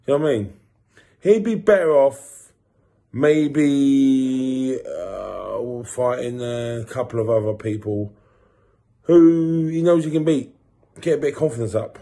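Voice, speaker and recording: A man, hosting his own boxing channel and ranting casually, swearing and repeating himself as he grows louder. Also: mid-range voice. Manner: animated, swearing, repeats himself, rising to shouts. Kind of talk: casual boxing opinion rant.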